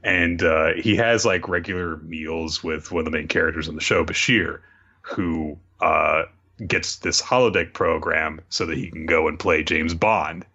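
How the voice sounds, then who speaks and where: A man in casual chat recapping a cartoon episode, animated and laughing as he acts out scenes. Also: very deep voice, a little slow, slightly rough, lo-fi sound.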